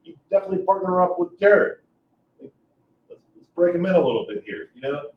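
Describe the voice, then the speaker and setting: A man's voice: high voice, expressive, fairly quick, distant mic. Blunt man, echoey and off-mic. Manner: blunt, repeats himself. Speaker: podcast co-host, fire chief officer. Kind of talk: casual chat. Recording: echoey room, set back from the mic, dull and slightly noisy.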